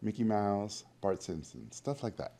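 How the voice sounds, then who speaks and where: Deep-voiced man telling animated stories. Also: unhurried, creaky. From Mexico. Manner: animated storyteller, acts out quoted voices. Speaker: guest animator. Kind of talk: storytelling interview.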